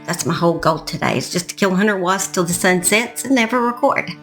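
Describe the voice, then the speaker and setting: A woman's voice: on the low side, brisk, faint music behind. A woman hosting a true crime channel, reading a scripted outro and then chatting casually, joking at her own expense with mild fake swearing.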